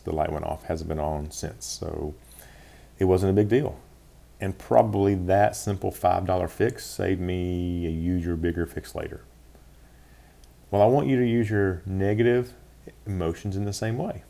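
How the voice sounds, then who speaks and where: A man hosts a solo podcast in a very low, gravelly voice. His tone is dark and mellow, and he talks things through in a reflective, questioning way, pausing on fillers as he goes. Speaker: podcast host. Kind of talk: casual solo podcast talk.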